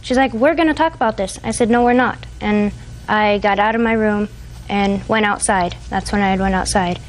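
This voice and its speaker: Young woman, 20s, defendant; rambling, halting testimony. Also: medium pitch, slight background noise, low-quality recording. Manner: rambling, hesitant retelling with fillers. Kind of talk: courtroom testimony. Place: TV courtroom.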